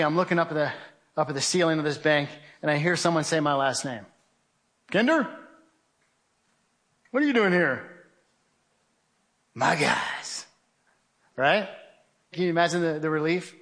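A man's voice: on the high side, a bit bright. A middle-aged man giving an earnest spoken testimony to an audience, telling his story in a direct, conversational way. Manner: earnest storytelling, addresses listeners as guys. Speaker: guest speaker.

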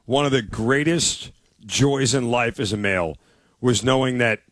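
A man's voice: medium pitch, unhurried, a bit bright, no echo. Enthusiastic male sports talk co-host. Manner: enthusiastic storyteller, repeats himself.

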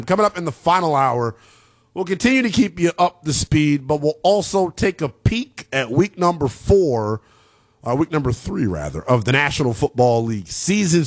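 A man hosting a college football radio show, energetic and slangy, with quick hype and asides. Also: fairly high pitch. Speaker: sports radio host.

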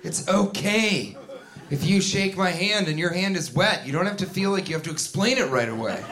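A man doing a stand-up comedy set on a club stage, animated storytelling that bursts into shouted bits. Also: high-pitched, normal speed. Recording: live club recording with crowd laughter and noise. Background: audience laughter.

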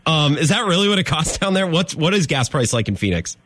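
A man's voice: a little high, very animated, brisk, fairly bright tone, dry recording. A man hosting a sports radio show, talking emphatically and repeating his points for effect. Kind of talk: opinionated sports talk radio.

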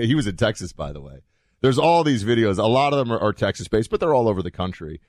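A man holds forth as a talk show host, his voice sitting on the low side. The sound is dry and close, with no room in it. He rambles casually, circling back with fillers and restarts. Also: lively intonation, fast, dry recording.

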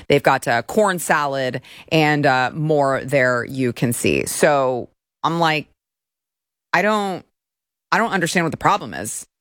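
Woman host, opinionated political commentary, mocking and indignant, lower-pitched and very animated. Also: no echo, studio quality. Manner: sarcastic, indignant, mocking put-on voices.

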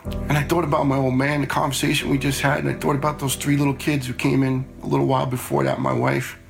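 Gravelly middle-aged man telling his story. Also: mid-range voice, level tone, fast talker, faint music behind. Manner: plain-spoken, earnest, repeats words as he goes. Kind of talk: personal storytelling.

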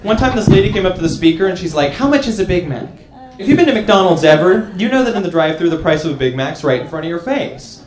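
A young man performing a stand-up comedy set, telling stories with deadpan punchline pauses. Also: sits high. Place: comedy club stage. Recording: echoey room, audience laughing. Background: crowd laughter.

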